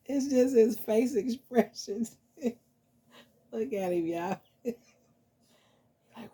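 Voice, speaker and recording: A woman's voice: a little high, very slow, pauses often, dark tone, slightly rough. A woman vlogger chatting casually and cooing to her dolls as she shows them off. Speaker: vlogger showing reborn dolls. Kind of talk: casual vlog chat.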